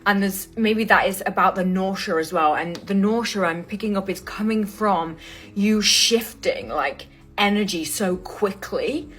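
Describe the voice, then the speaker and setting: A woman giving an intuitive tarot reading to camera, talking casually, full of fillers and pausing to search for words. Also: medium pitch, a bit bright, faint music behind. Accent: not American. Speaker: tarot reader.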